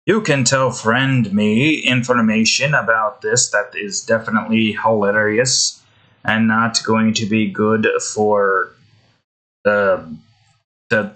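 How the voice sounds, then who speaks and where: Guy doing a slow, bright-toned fake Russian who keeps saying he's a friend, broken English. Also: fairly low pitch, fairly even intonation. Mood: mock-earnest.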